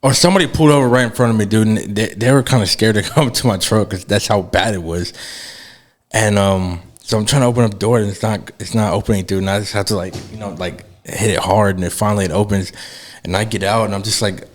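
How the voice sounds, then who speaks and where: A man's voice: lowish voice, fast. A man hosting a podcast, telling a story in casual chat, swearing a lot and acting out what other people said. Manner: animated storytelling, acts out voices of others; swears heavily, says dude and bro. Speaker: podcast host.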